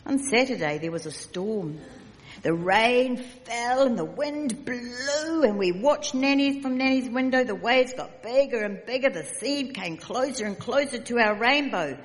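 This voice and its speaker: Slow, expressive New woman storyteller. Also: fairly high pitch. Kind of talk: reading a picture book aloud. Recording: echoey hall reverb.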